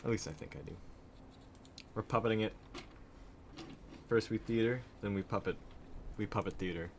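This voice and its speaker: A man's voice: on the low side, moderate pace, slight background noise. A young man live-streaming, chatting casually and rambling in a frazzled way straight to his viewers. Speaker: livestreamer.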